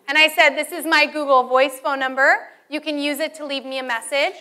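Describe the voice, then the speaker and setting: Bright, high-voiced woman teacher. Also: a little fast, hardly any pauses. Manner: animated storytelling, acts out students and calls. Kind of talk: teacher training talk.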